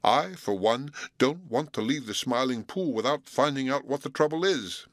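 A man voicing a slow, cautious male turtle in a storybook, drawing out his words. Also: medium pitch, animated, no room sound, clean studio sound, pitched above the performer's own voice, close to an everyday voice. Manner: slow, drawn-out.

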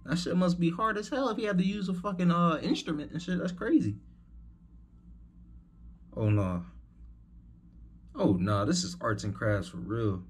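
A man's voice: fairly high pitch, expressive, moderate pace, slightly rough. A young man giving rambling, profane, incredulous commentary while hosting a reaction video.

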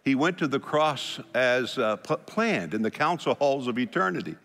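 A man's voice: medium pitch, animated, vocal fry, fairly bright tone. Pastor guy preaching, earnest, trips over words sometimes, big echoey hall sound. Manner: earnest preaching with pauses and restarts. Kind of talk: sermon.

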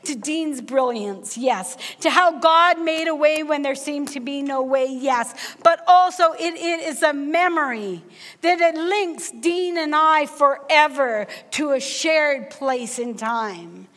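Woman preacher, middle-aged, high voice, unhurried storytelling, church reverb. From Canada. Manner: animated storyteller, acts out dialogue. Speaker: guest preacher. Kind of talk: sermon with personal storytelling. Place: church sanctuary.

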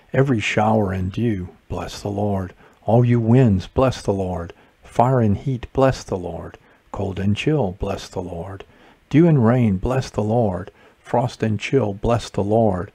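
Low husky man reciting morning prayer. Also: mellow. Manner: measured liturgical recitation. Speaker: prayer leader.

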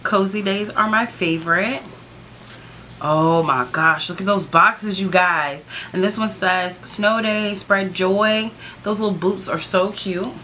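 A woman's voice: medium pitch, takes it slowly, pushed and bright, a little hiss or hum. A woman vlogging a casual sticker book flip-through, chatty and gushing, with sassy playful asides to her viewers.

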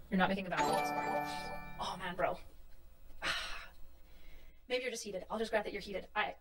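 A woman's voice: medium pitch, moderate pace, pauses often, over music. Exasperated profane woman ranting on stream. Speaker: livestreamer. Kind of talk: heated stream rant. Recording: distant mic with faint room noise.

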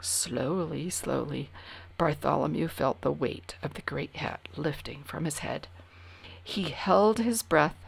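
A woman reading a children's storybook aloud in an expressive way, dropping to whispers for suspense. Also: low-pitched, measured pace, vocal fry, slightly rough. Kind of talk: reading a picture book aloud.

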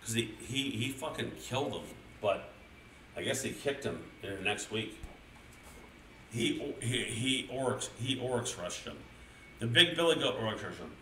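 A man's voice: mid-range voice, animated, normal speed, bright, forceful tone, recorded from a distance, slight background noise. A man reading a children's picture book aloud to his stream chat, swearing often and riffing on the story with gamer slang. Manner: crude, rambling, swears a lot, mixes gamer slang into the story. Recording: roomy echo, speaker drifting from mic.

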